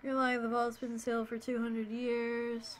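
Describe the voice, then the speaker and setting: A woman's voice: fairly high pitch, monotone, unhurried, slight background noise. A woman playing a video game and commenting casually, playful and sarcastic, reading her choices aloud. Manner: playful, sarcastic, reads dialogue options aloud. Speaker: let's play gamer.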